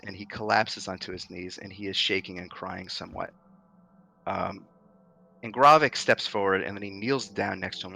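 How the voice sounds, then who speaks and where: A man's voice: deep voice, vocal fry, bright, forceful tone, low-quality recording. A man narrating as game master of a tabletop game, describing the scene in detail with frequent fillers.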